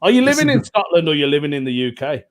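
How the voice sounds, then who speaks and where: A man's voice: fairly high pitch, big pitch swings, quick pace, a little hiss or hum. A man hosting an online comedy show, chatty and jokey, laughing often. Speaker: host.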